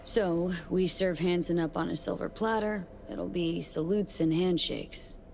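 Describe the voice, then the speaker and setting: A woman voicing a hardened, wary female ex-spy in video game dialogue, speaking in a low, gravelly way. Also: measured pace, a little mellow, slight background noise. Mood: terse.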